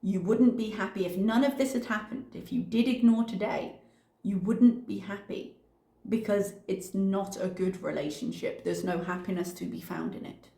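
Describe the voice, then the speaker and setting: A woman's voice: mid-range voice, fairly even intonation, normal speed, gravelly, dark tone, echoey room. A woman giving reaction commentary in a blunt, analytical manner.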